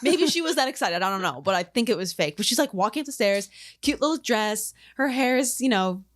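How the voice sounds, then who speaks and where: A woman co-hosting a podcast, telling stories in a rambling, profane and animated way. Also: a little high, fairly quick. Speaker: podcast co-host. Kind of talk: casual chat.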